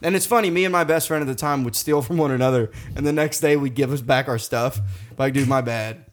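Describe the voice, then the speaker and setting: A man's voice: a little high, fast. A man telling a rambling, profane story in casual podcast chat, often breaking into laughter.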